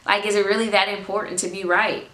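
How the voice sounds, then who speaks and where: A woman's voice: mid-range voice, little pitch movement, quick pace, fairly bright tone, echoey room. A woman in her twenties giving a motivational talk to her viewers, emphatic and repeating phrases for effect. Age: 20s. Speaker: faith vlogger.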